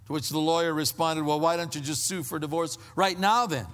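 A man preaching a sermon, slowing down to stress his points and dropping to a hushed, low voice for emphasis. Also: long reverb tail. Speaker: pastor.

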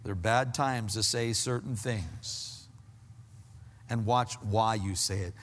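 A man preaching a sermon, slowing down to stress his points and dropping to a hushed, low voice for emphasis. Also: in a large hall. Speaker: pastor.

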